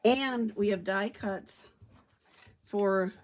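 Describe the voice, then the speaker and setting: Speaking extremely slowly in a mid-range voice, a woman demonstrates card stamping in a chatty craft tutorial, thinking out loud while she works.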